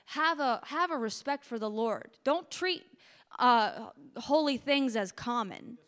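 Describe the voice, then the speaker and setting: A woman preaching a sermon in a lively, conversational way, repeating her key phrases for emphasis. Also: fairly high pitch, slow pace, big-room sound.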